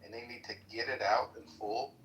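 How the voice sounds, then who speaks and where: A man reasons calmly and persuasively in a live debate. His pitch sits in the middle range. The audio is echoey and sounds far from the mic. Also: brisk, slight background noise. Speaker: participant urging calmer dialogue. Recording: echoey, distant livestream audio.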